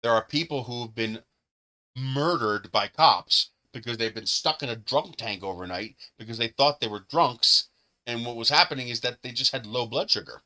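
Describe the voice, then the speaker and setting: A man's voice: medium pitch, normal speed, sharp tone. A man hosting a live stream, telling stories in casual chat, laughing often and swearing freely. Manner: laughs often, profane, gleeful storyteller.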